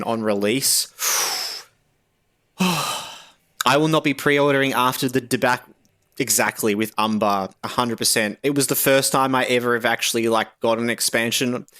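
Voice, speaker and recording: A man's voice: mid-range voice, bright, forceful tone. A man from Australia with an Australian accent, chatting casually on a livestream in a rambling, laid-back way with lots of fillers. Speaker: streamer.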